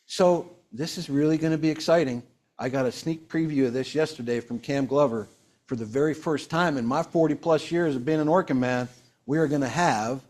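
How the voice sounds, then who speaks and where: A man in his sixties, hosting a casual company sales broadcast, talking in animated, quick storytelling bursts. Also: fairly high pitch.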